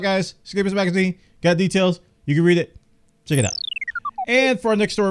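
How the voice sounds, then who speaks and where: A man's voice: medium pitch, a little mellow. A man hosting a gaming news podcast, chatting casually and enthusiastically while reading out details, his voice a bit worn. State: losing his voice, coughing.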